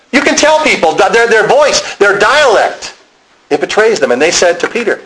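Male preacher, Pennsylvania accent, breathy-rough tone, animated sermon delivery that acts out quoted lines. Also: high-pitched, moderate pace, low-quality recording. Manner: dramatic storytelling, acting out quoted voices. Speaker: pastor.

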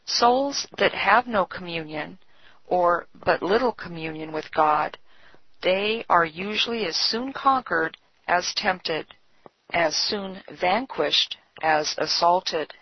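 A woman reads old devotional texts in a slow, solemn, measured cadence. Her voice sits low and husky, with a breathy edge. The recording is dull and lo-fi, and it sounds close and dry. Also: dry recording. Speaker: devotional reader. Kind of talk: scripted devotional reading.

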